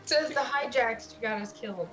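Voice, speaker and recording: A woman's voice: on the high side, normal speed, a bit bright, muffled recording, soft background music. A young woman chatting with friends on a stream, blunt and teasing. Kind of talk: casual chat among friends.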